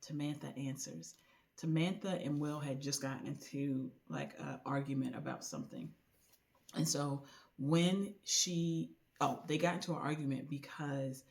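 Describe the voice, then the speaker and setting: A woman's voice: sits low, creaky. Chatty woman retelling a book's plot. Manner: chatty, animated retelling with voiced quotes; colloquial with frequent "like" and "you know". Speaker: book reviewer. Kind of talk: casual book recommendation vlog.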